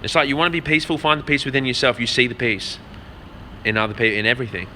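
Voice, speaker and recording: Young man, casual vlog, rambling, profane, very bright voice, faint background noise. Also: medium pitch, racing. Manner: rambling, profane storytelling with lots of "man" and "bro". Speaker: vlogger.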